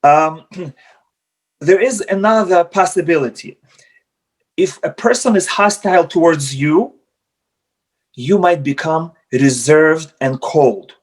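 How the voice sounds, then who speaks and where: A rabbi teaching about marriage over a computer microphone on a video call. His voice sits fairly high for a man, and he slips into the voices of husbands and wives to act out their arguments. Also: takes it slowly, long pauses. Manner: acts out spouses' quarrels in quoted voices. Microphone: computer mic on video call.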